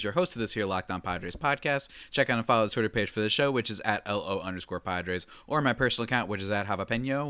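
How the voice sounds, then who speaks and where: A young man hosting a sports podcast, excitable and laughing often in casual chat. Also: medium pitch, smooth, no room sound. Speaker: podcast host.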